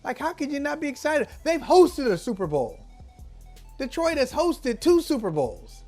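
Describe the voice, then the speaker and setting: Casual high pitched guy ribbing his cohost, lots of restarts, sports chat. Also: big pitch swings, normal speed, darkish tone, faint music behind. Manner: teasing, rambling questions with lots of restarts. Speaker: co-host.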